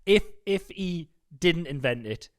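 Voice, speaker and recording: A man's voice: on the high side, lively intonation, unhurried. Teasing man podcast co-host. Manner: teasing banter, playful repeats and stammers. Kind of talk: casual chat.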